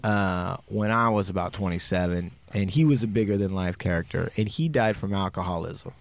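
A man's voice: low voice, steady tone, a little fast, creaky. A man hosting a podcast interview in a supportive, reflective way, asking thoughtful questions. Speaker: podcast host. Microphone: studio mic.

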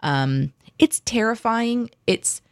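A woman's voice: a little high, animated, takes it slowly. A woman co-hosting a podcast in casual chat, talking animatedly and laughing often. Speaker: co-host.

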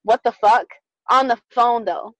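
A young adult woman co-hosting a podcast, telling a dating story in casual chat, animated and profane, acting out both sides. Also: a little high, a little slow, no room sound, poor audio. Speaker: podcast co-host.

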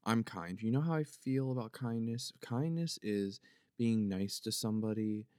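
A man's voice: on the low side, animated, normal speed, darkish tone, clean tone, dry recording, studio quality. A man with a Philadelphia accent hosting a casual solo podcast, rambling and joking as he mushes his consonants together. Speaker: podcast host. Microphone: podcast microphone.

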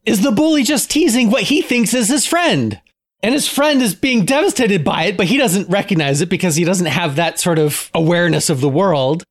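A man's voice: sits high, animated, normal speed. A man co-hosting a podcast, chatting casually and playfully, throwing out ideas and jokes. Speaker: podcast co-host. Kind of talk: casual chat.

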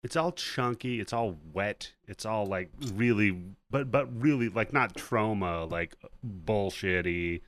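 Low-voiced man recapping a film. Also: measured pace, hardly any pauses. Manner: profane, animated retelling with acted-out quotes. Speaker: podcast co-host. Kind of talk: casual chat recapping a movie.

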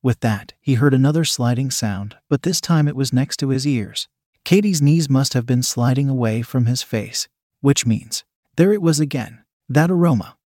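A man narrating a scripted story in a measured, steady reading manner. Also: medium pitch, dry recording, studio quality.

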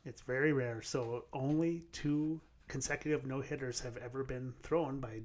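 Male co-host, casual podcast chat, emphatic and a little halting. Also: medium pitch, fairly even intonation. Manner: emphatic, hesitant restarts.

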